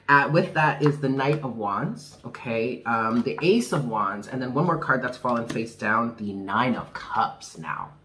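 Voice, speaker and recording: A man's voice: medium pitch, a little slow, a bit bright, a little hiss or hum. A man doing a casual tarot reading for viewers, chatty and candid, laughing often. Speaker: tarot reader.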